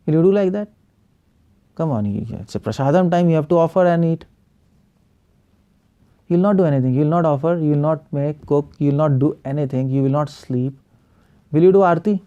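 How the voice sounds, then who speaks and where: A man's voice: fairly high pitch, mellow, muffled recording. A male preacher giving an online spiritual class over a video call, firing rhetorical questions at the class and chuckling often.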